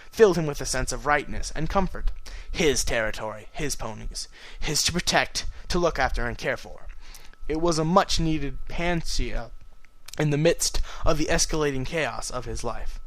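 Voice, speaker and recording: Young man reading a story, lively. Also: mid-range voice, low-quality recording. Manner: playful, quick to joke. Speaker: fan fiction reader. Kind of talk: storybook narration with off-script asides.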